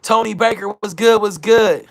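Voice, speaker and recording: A man with a high voice talks straight to his chat on a livestream. He is hyped and loose, full of slang, and reads their comments back as he goes. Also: moderate pace, vocal fry, a bit bright. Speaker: livestream host.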